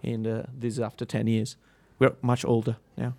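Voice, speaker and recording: A man's voice: medium pitch, completely flat delivery, moderate pace, gravelly, darkish tone. Hesitant Italian-accented man. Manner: hesitant, many fillers and restarts. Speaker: musician, band leader. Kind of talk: casual interview answers.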